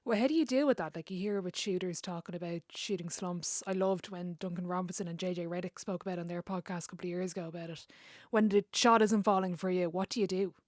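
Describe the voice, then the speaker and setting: A woman's voice: on the low side, fast talker, darkish tone, dry recording, studio quality. A woman hosting a podcast interview, asking questions in a friendly, chatty way. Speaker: podcast host.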